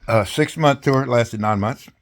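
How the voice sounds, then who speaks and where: A man's voice: mid-range voice, normal speed. An older man recounting his service in a rambling, folksy way, speaking casually over a video call. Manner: rambling, folksy, salty, chuckling. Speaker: veteran interviewee. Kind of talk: casual storytelling interview.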